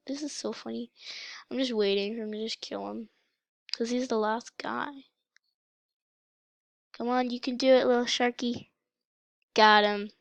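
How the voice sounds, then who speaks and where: A young woman casually commenting on her gameplay for her channel, chatty and excitable, with a slight cough. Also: a little high, unhurried, vocal fry, long pauses, no room sound. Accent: mock British, put on. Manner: chatty, excitable, breaks into gasps and shouts. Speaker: gaming channel host.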